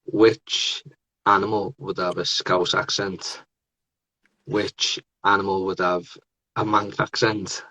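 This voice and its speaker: A man's voice: deep voice, level tone, slow, pushed and bright, poor audio. A man in his thirties hosting a casual podcast interview, chatty and laughing often. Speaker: podcast host.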